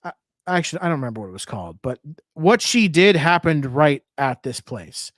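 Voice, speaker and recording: A man's voice: on the high side, sing-song, fairly quick, a bit bright, no room sound, clean studio sound. A man co-hosting a podcast, chatting casually and telling easygoing travel stories. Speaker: podcast co-host.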